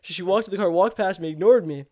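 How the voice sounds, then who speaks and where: A man in his twenties, a podcast co-host telling a story in heated, profane, animated casual chat. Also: sits high, fast, dry recording, studio quality. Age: 20s.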